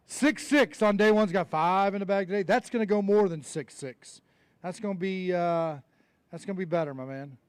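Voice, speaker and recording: On an outdoor weigh-in stage, a man with a high-sitting voice announces a fishing tournament live, reading out weights at a normal speed and trading jokes with every angler. His tone is clean, with no echo.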